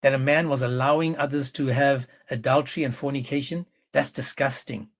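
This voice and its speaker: A man hosting a livestream, talking in a forceful, scornful, repetitive way. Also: medium pitch, fairly even intonation, a little fast. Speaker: livestream host. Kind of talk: heated livestream commentary.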